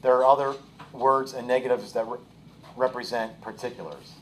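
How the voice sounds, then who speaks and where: Male teacher, mid-pitched, explaining with examples and asking "okay?", distant mic. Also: steady tone, moderate pace, a little hiss or hum. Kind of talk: classroom lecture. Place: classroom. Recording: echoey classroom, voice from far off.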